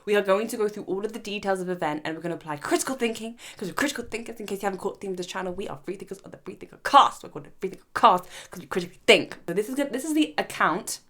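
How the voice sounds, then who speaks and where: A woman hosting her own commentary channel, talking in an animated, emphatic and argumentative way. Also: mid-range voice, very fast, few pauses. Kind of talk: opinion commentary vlog.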